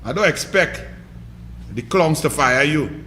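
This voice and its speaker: A man's voice: fairly high pitch, animated, measured pace, pushed and bright, roomy sound, a little hiss or hum. A man with a Trinidadian accent hosting a political commentary show, scolding and mocking his targets in a combative rant.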